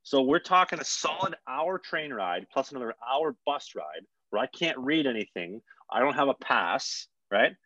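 A young man, a hockey player guest, telling stories casually in an animated way and swearing freely. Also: medium pitch, normal speed, few pauses, no room sound, muffled recording. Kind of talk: casual storytelling.

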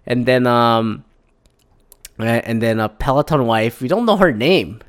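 A man's voice: mid-range voice, unhurried, smooth. A man hosting a casual solo podcast, rambling and sarcastic, swearing freely and restarting his sentences. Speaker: podcast host.

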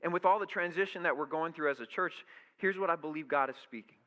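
Speaking fast in a fairly high, bright voice with a forceful edge, this young adult pastor gives his congregation a casual, story-driven sermon. He acts out quoted thoughts and what people say, and the sanctuary's hall echo is audible on the recording.

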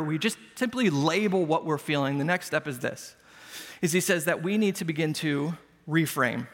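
A man with a high, light voice delivers a relaxed, conversational sermon. His words ring out with a long reverb through the church sanctuary. He makes his points with self-deprecating everyday stories. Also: moderate pace. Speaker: pastor.

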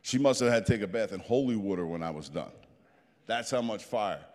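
A man in his fifties tells a story to a group in an animated, plain-spoken way. His voice sits fairly low. A long reverb of the meeting room trails each line. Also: a little fast. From New Jersey. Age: 50s. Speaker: guest speaker.

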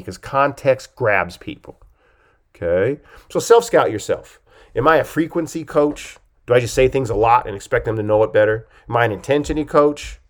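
Male coach hosting a podcast, mid-pitched and emphatic, with lively pitch and loudness swings and a habit of asking "okay?". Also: moderate pace. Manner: emphatic, keeps checking in with "okay?". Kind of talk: podcast talk.

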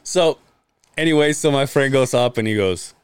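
Smooth and free of echo, this medium-pitched man's voice moves at a moderate pace. He's a podcast co-host sharing a story in easygoing chat, playing the quoted people and frequently laughing and cursing.

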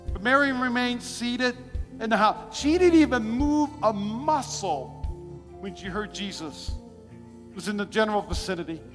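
A man preaching an impassioned sermon, swinging between shouts and hushed passages. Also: high-pitched. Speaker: pastor. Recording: long hall reverb, faint music.

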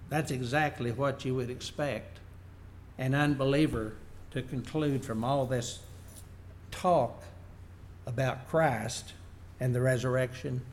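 A man's voice: medium pitch, darkish tone, a little hiss or hum. A man preaching a sermon, reading Bible verses aloud and then explaining them in plain words. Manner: unpolished, working slides as he goes.

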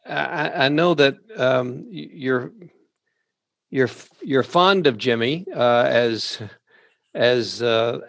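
A man hosting a podcast interview, speaking haltingly with many restarts. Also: medium pitch, gravelly, a bit bright, no echo. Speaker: podcast host.

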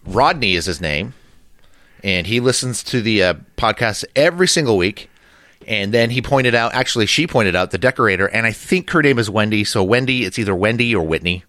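Chatty man with a low, dry voice. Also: animated, moderate pace, bright, forceful tone, dry recording. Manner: chatty, self-deprecating storyteller. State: slightly deeper voice from allergies. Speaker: podcast co-host. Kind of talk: casual podcast chat.

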